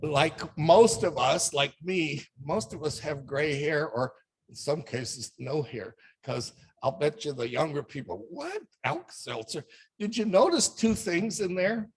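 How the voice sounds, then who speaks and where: A man's voice: fairly high pitch, animated, a little slow, slightly rough. An older man giving a wry, conversational presentation talk as guest speaker.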